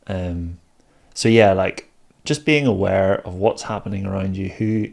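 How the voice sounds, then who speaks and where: A man's voice: low voice, unhurried, gravelly, a little mellow. A man chatting on a podcast with a dry, teasing sense of humor. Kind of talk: casual podcast chat.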